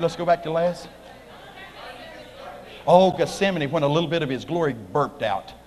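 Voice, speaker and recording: A man preaching a lively revival sermon, telling the story with big dramatic bursts of shouting. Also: sits high. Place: large packed church hall. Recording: live church hall with long reverb.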